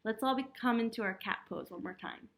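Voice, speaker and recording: A woman telling a picture-book story to children and leading animal yoga poses, playful and animated, making animal sounds along the way. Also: on the high side, fairly quick, reverberant, recorded from a distance, slight background noise, rough recording. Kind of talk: reading a picture book aloud with kids' yoga.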